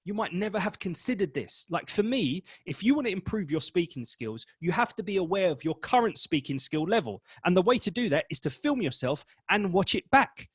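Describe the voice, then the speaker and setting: A man's voice: high-pitched, fairly quick, hardly any pauses, husky, dry recording. Emphatic male speaking coach. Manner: energetic, emphatic and blunt, with mild swearing. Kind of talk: direct-to-camera coaching talk.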